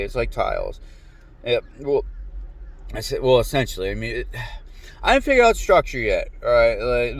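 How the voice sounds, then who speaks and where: A man's voice: mid-range voice, no echo. Profane rambling man ranting. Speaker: vlogger. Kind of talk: rambling monologue to camera. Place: lives in a humid climate.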